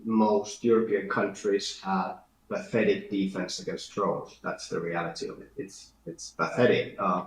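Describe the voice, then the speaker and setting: Very deep-voiced blunt Finnish man. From Finland. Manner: blunt and opinionated. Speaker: guest. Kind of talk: casual chat. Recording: echoey room with faint background noise.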